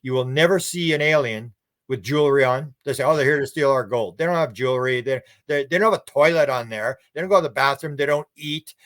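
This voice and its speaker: A man's voice: medium pitch, brisk, a bit bright, no echo, studio quality. Rambling man telling stories. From Canada. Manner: rambling, repeats and restarts words, acts out quotes. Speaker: podcast guest, researcher. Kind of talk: casual conversational storytelling.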